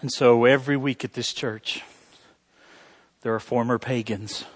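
A male pastor preaching a sermon with animated, humorous storytelling. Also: medium pitch, measured pace.

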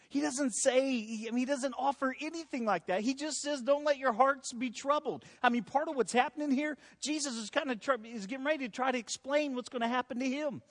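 High-voiced pastor preaching conversationally. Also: male voice, normal speed. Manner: conversational, self-deprecating humor. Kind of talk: sermon.

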